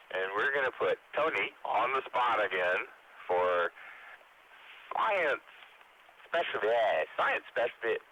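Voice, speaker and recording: A man running an amateur radio net, talking casually and loosely with offhand asides. His voice sits fairly low, but the tone is crisp and bright. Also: poor audio. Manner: offhand and self-deprecating, loosely hosting. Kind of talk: casual on-air chat over amateur radio.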